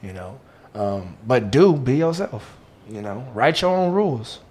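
A man's voice: medium pitch, sing-song, a little slow, a little mellow. A young man, chatting casually as a comedian guest, joking and boastful with lots of slang. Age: 20s. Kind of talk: casual podcast chat.

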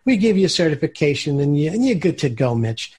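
A man's voice: on the high side, very animated, fast, darkish tone, slightly rough. A man voicing a friendly male officer with a thick Chicago accent who is running a shakedown, talking breezily with lots of "uh" and "yeah". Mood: breezy.

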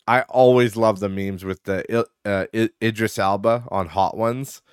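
A man's voice: lowish voice, fairly even intonation, normal speed, smooth, no echo, studio quality. A man hosting a podcast in casual rambling chat, swearing and laughing often, sounding tired. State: tired, yawning. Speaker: podcast host.

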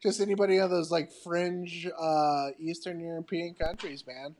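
Man, fairly high voice, upbeat, teasing trivia host, casual podcast chat. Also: steady tone, normal speed, a little mellow. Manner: upbeat, presents trivia with playful buildup.

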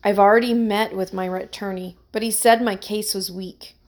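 A woman's voice: mid-range voice, steady tone, normal speed, a little mellow, close to an everyday voice. Storybook role: woman reads a nervous young musician pleading his innocence, earnest and worried. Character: anxious young man, a struggling musician accused of theft.

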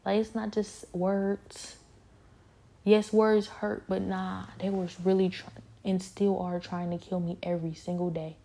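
A woman's voice: medium pitch, level tone, measured pace, gravelly, dark tone. A woman giving an earnest, repetitive personal testimony, often dropping into a whisper. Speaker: speaker sharing a personal spiritual struggle.

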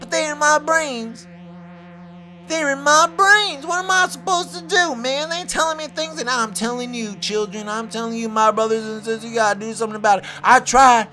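A woman hosting her own show, delivering a rambling, excitable comedic rant and repeating herself. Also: on the high side, moderate pace, over music. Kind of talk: comedic ranting monologue.

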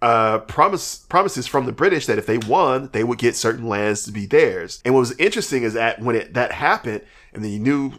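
A man's voice: mid-range voice, expressive, brisk, few pauses, fairly bright tone. A man co-hosting a podcast in casual chat, who swears freely, laughs often and rambles through restarts. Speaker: podcast co-host.

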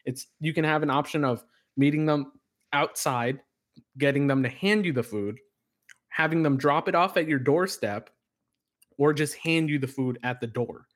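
This male podcast co-host speaks at a moderate pace with a voice on the high side. His casual chat is lively and story-driven, laced with heavy swearing.

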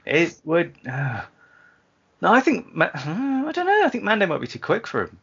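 A man co-hosting a casual podcast, his voice bright with a gravelly, creaky texture. He talks in lively swings of pitch, laughing often and trailing off mid-thought. The recording is muffled and lo-fi. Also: moderate pace. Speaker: podcast co-host. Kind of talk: casual banter. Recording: dull lo-fi podcast sound.

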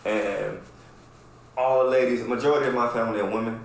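A man's voice: medium pitch, moderate pace. Profane storytelling man, echoey room. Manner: profane, animated, keeps asking "right?". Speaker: podcast host. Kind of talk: casual storytelling chat.

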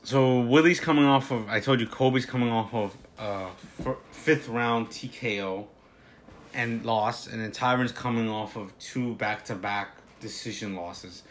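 Man, casual fight analysis, opinionated, rambling, filler-heavy, medium pitch. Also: measured pace, a little hiss or hum. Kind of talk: casual fight breakdown monologue.

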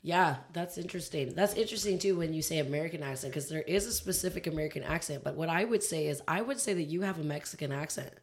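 Rich A woman from California co-hosts a relaxed podcast, her voice sitting low for a woman. She thinks aloud, trying out guesses as she goes. She teases her co-host in a friendly way. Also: fast talker, few pauses. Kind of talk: casual chat.

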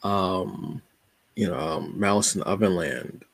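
A man with a fairly low, husky voice talks loosely and jokingly as a podcast host, like he is chatting with friends. The sound is dry and close, with no room around it. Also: takes it slowly, dry recording. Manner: laid-back, joking, colloquial. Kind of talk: casual solo chat.

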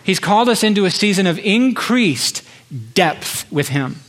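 An impassioned male pastor delivering a sermon. His voice sits fairly high, and he builds his points through repeated phrases broken by pauses. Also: animated, fairly bright tone. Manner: impassioned, rhetorical repetition with pauses.

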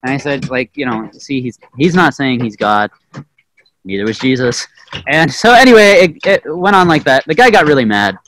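Animated man telling a sermon story. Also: mid-range voice, moderate pace, a little hiss or hum, rough recording. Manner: animated, self-mocking, many fillers. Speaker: Bible teacher.

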